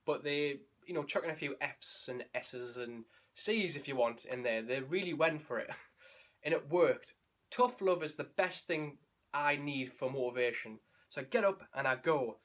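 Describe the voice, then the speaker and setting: A man's voice: medium pitch, normal speed, a bit bright. A young man, a running vlogger telling his race story in a candid, emotional, rambling way with restarts. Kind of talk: candid spoken race recap.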